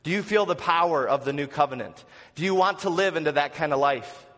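An earnest male pastor preaches to his congregation in a slightly high voice, often asking them questions and dropping to soft, low lines. His sermon carries the long reverb of a church sanctuary. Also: a little fast.

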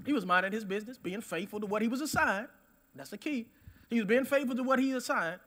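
A man preaching a sermon, emphatic, repeating key phrases and swinging between loud declarations and hushed asides. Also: extremely high pitch, lively intonation, fast talker.

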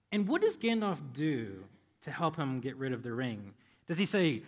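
A man's voice: on the high side, a little fast. Conversational male pastor preaching. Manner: conversational, animated when storytelling, soft when praying. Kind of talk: sermon. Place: church. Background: faint band music.

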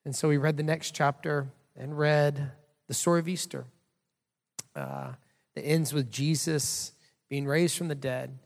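A man's voice: on the high side, expressive, a little slow. A man in his thirties preaching a sermon as pastor, telling a story in a casual, conversational way with many fillers. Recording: long hall reverb.

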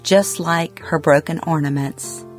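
A middle-aged woman reading a personal memoir aloud, quiet, reflective and somber. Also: deep voice, fairly even intonation, unhurried, faint music behind. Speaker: memoir narrator.

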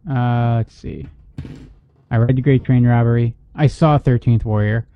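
A man's voice: mid-range voice, steady tone, a little slow, clean tone, dull audio, faint music behind. A man co-hosting a podcast in casual chat, trading dry, sarcastic jokes. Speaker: podcast co-host.

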